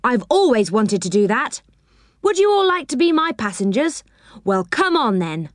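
A woman's voice: on the high side, moderate pace, dry recording, clean studio sound, pitched above the performer's own voice. Woman doing an eager train-mad boy. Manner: excited, bossy and keen. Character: eager young boy who loves trains. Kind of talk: storybook reading.

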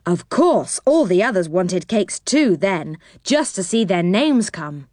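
Expressive woman reading a storybook. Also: mid-range voice, slow, no room sound, clean studio sound. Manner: gentle, expressive. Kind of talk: reading a children's storybook aloud.

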